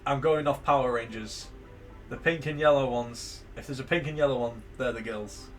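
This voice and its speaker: A man's voice: mid-range voice, normal speed, soft background music. Man reading a game aloud with jokes. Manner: reads narration aloud with joking asides and laughter. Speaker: game streamer. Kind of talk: live-streamed game reading and commentary.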